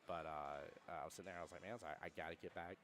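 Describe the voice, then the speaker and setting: A man's voice: low-pitched, steady tone, very fast, a bit bright. A man commentating a pool match with a co-host in a pool hall, telling stories casually with many restarts. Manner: rambling storyteller, many restarts.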